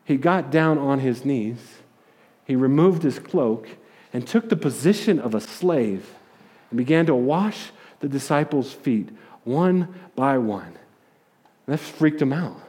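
A man preaching a sermon, retelling a story in a casual, animated way with jokes and acted-out quotes. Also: mid-range voice, measured pace. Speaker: pastor.

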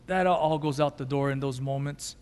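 A male pastor preaching a sermon with emotion, going from loud, intense passages to quiet, soft ones. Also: mid-range voice, normal speed, smooth, big-room sound.

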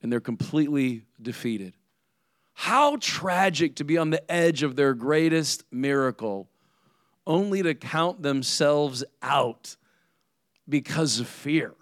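A man's voice: a little high, animated, a little slow, a bit bright, no echo, studio quality. A man preaching a sermon as pastor in a conversational way, often checking in with "right?".

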